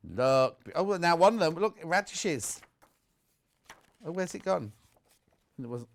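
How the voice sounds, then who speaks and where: Chatty, excitable man presenting. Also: fairly high pitch, slow pace, creaky. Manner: chatty, excitable, jumps between asides. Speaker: shopping channel presenter. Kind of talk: live TV sales chat. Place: TV studio.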